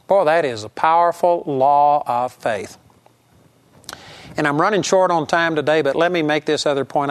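Man, preacher, sermon, earnest and emphatic, slightly high voice, slows for scripture. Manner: earnest, emphatic teaching with repeated phrases; slows down to stress scripture and key points.

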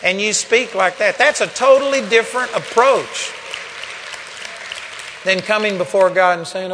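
A man's voice: sits high, a little slow, long pauses, fairly bright tone, a faint crowd, slight background noise. A man preaching a sermon at a seminar, emphatic, quoting scripture by chapter and verse. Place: large seminar hall. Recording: long reverb of a seminar hall.

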